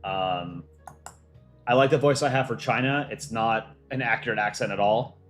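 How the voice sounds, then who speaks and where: Relaxed man hosting a casual livestream. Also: on the low side, normal speed, soft background music. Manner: relaxed, offhand, thinking aloud with ums. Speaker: livestream host for a countryball animation channel. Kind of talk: casual livestream chat reading viewer questions.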